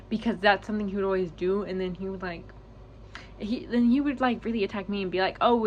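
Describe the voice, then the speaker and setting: A woman's voice: medium pitch, dull audio, slight background noise. A young woman telling a personal story to her channel, rambling and filling every gap with "like" and "you know", close to tears. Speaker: vlogger. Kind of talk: storytime vlog.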